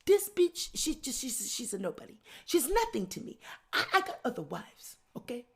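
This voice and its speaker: A sheepish middle-aged African husband voiced by a woman mumbles in a low, hushed voice with a West African French accent. He dodges everything with flat, deadpan refusals. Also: normal speed, breathy edge, full character voice. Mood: pleading. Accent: put-on West African French.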